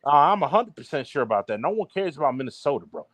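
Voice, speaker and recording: A young man trash-talks with brash, mocking energy in heated sports banter. His voice sits a little high. The sound is dry and close, with no room around it. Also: big pitch swings, fast talker, fairly bright tone, no room sound. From Baltimore, Maryland. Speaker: podcast co-host.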